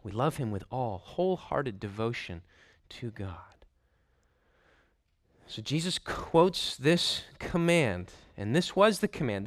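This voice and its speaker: Guy preaching a sermon, kinda high smooth voice, repeats stuff for emphasis, dry close sound. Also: fairly bright tone, no echo. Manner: emphatic, repeats phrases for stress. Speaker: pastor.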